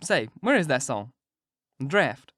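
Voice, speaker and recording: A man's voice: medium pitch, sing-song, a little slow, fairly bright tone, dry recording, studio quality. A man voicing a scheming male con man posing as a duke, drawling and chuckling in a storybook reading. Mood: sly.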